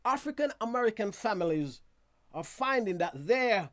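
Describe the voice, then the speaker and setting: A man hosting a casual news roundup from a studio, chatty and quick to laugh at himself, with asides to his viewers. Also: high-pitched, very animated, fairly bright tone. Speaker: news show host.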